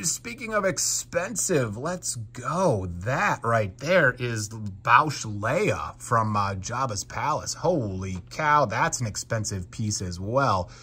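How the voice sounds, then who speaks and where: Man, casual unboxing commentary, excitable, husky, slow-paced. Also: mid-range voice. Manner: excitable, exclaiming at finds. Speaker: Lego collector and reseller. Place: home basement.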